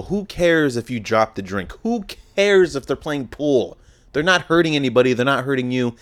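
A young man in his twenties hosting a podcast, telling a rambling, profane, self-deprecating story about a night out. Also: medium pitch. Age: 20s. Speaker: podcast host. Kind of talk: casual storytelling monologue.

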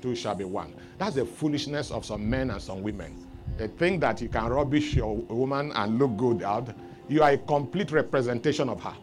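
A man preaching a sermon, telling a story with lively rises into loud exclamations. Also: mid-range voice, normal speed, music in the background. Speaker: pastor.

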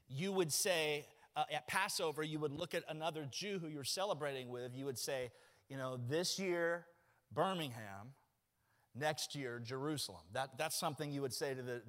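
Joking pastor in echoing church. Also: male voice, on the high side. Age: 40s. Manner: folksy, joking, animated storytelling. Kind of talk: sermon. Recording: long reverb of a church hall.

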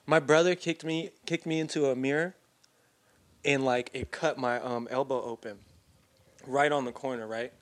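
A man's voice: mid-range voice, steady tone, normal speed. A young man co-hosting a podcast, telling rambling stories in casual chat, with lots of fillers and swearing. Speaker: podcast co-host.

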